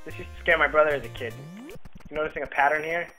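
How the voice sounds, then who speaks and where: A man's voice: a little high, fast, bright, forceful tone, poor audio. A young man casually commenting on his own gameplay, rambling and joking at himself. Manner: rambling, self-mocking, jokey asides. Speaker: let's play host. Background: game music.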